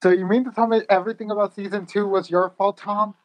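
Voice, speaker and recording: A reaction video host giving casual commentary, exclaiming and laughing with quick quips between scenes. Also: mid-range voice, steady tone, low-quality recording.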